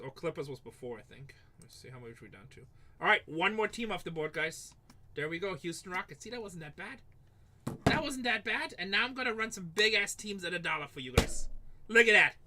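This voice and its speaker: Middle-aged male break host, rambling jokey patter, forceful bright tone. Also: fairly high pitch, fairly quick, slight background noise. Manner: rambling, joking, swears casually, calls out teams. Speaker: live card break host. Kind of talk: livestream sales chat.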